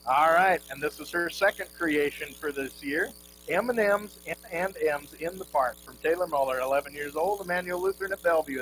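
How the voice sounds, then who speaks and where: A man works a charity quilt auction, rattling off bids in a quick rhythmic chant and coaxing the crowd toward the next number. His voice sits a little high for a man. Crickets and insects buzz clearly behind him on the outdoor livestream. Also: background noise. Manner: rapid rhythmic bid chant. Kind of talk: live charity auction calling.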